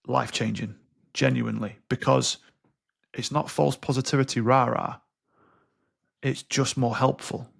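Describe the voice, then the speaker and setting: A man's voice: mid-range voice, level tone, moderate pace, gravelly, fairly bright tone. A man in his thirties, a podcast guest speaking candidly and bluntly with frequent swearing. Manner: blunt and sweary, acts out quoted dialogue. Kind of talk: candid interview conversation.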